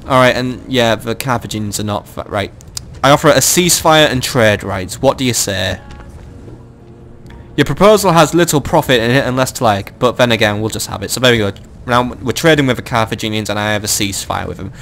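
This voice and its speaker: A young man talks through a strategy game from his home setup, swearing freely and ranting whenever things go wrong. His voice sits at an ordinary middle pitch. Faint game ambience hums behind him. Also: a little fast, a bit bright, slight background noise. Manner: swearing, exasperated, ranting, with bursts of mock outrage. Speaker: gaming let's-play host. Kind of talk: casual gameplay commentary.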